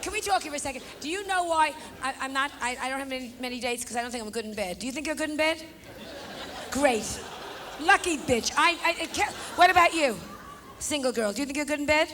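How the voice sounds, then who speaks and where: Brash high-voiced woman working the crowd. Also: fast, a bit bright. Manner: brash, confiding, talks straight to the audience. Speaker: stand-up comedian. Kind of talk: stand-up comedy routine. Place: stage before a live audience. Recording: noisy live stage recording.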